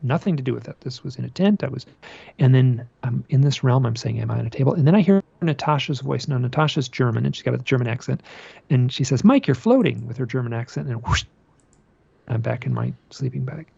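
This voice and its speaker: A man being interviewed about a personal experience, telling it as an animated story, often repeating phrases and restarting his sentences. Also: medium pitch, fast talker, gravelly, breathy edge, dry recording, lo-fi sound. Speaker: podcast guest.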